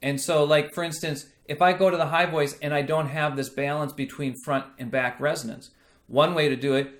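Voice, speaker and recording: A man teaching a singing lesson, explaining slowly and checking in with the listener as he goes. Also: a little high, fairly even intonation. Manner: slow, explanatory teaching with frequent "right?" checks. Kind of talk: singing lesson with sung demonstrations.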